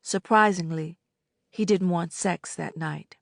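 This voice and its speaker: A woman narrating an audiobook in the first person, in a measured, subdued way. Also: on the low side, gravelly, no echo, studio quality.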